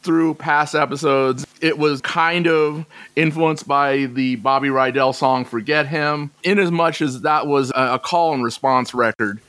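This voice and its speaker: A man's voice: fairly high pitch, steady tone, unhurried, a bit bright, no echo. A man hosting a podcast, chatting enthusiastically and wondering aloud. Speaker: podcast host. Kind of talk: casual podcast chat.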